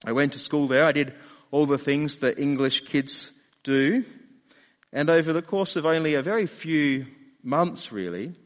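A man's voice: on the high side, measured pace, long reverb tail. A man preaching a sermon in a conversational way, often asking rhetorical questions. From Australia. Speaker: pastor.

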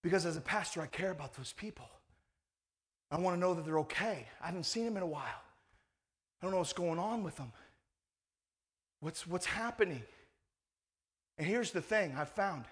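A male pastor preaching a sermon in a conversational, emphatic way, full of rhetorical questions. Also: fairly high pitch.

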